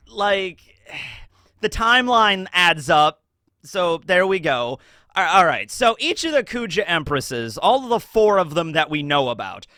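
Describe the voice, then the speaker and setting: Bright, animated man rambling anime theories. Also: fairly high pitch, dry recording, studio quality. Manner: rambling, filler-heavy, acts out characters in animated bursts. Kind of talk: casual commentary.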